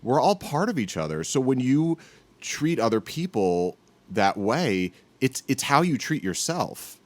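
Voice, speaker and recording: A man co-hosting a podcast, talking earnestly with halting restarts in casual chat. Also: medium pitch, very animated, dry recording. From northern United States. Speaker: podcast co-host.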